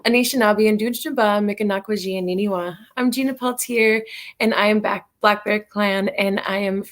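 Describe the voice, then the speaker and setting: A woman from North Dakota reading the news on a radio show, friendly and quick to laugh between steady reading. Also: medium pitch. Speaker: news reader.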